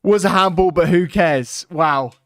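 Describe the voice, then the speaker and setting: A man hosting a live football watchalong, excitable and chatty, talking to his viewers. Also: high voice, measured pace, no room sound, studio quality. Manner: excitable, chatty, laughing, talks to the chat. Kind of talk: live match watchalong chat.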